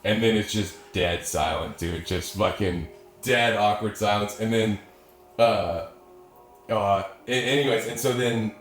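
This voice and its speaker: A man's voice: lowish voice, a little slow, faint music behind. A young adult man, a musician guest, telling a long story in casual chat, rambling and swearing often with lots of filler words. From Austin area. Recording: echoey room, faint background ambience.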